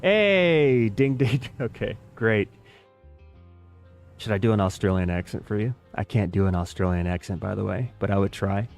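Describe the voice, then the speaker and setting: A man's voice: low voice, flat delivery, moderate pace, creaky, a little mellow, faint music behind. An American man chatting casually with his live chat while playing a strategy game, rambling and self-deprecating. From United States. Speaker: game streamer.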